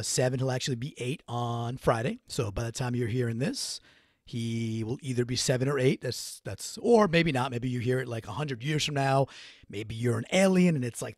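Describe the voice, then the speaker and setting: A man's voice: medium pitch, no room sound, studio quality. A man hosting a solo sports recap podcast, talking in a casual, rambling way with restarts. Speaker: podcast host.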